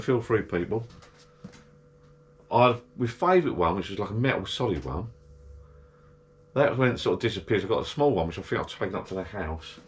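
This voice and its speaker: A chatty man with a slightly low voice rambles to his action camera from a garden shed bar. He grumbles, sighs and talks in an easy, meandering way. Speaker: vlogger. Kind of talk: casual chat to camera.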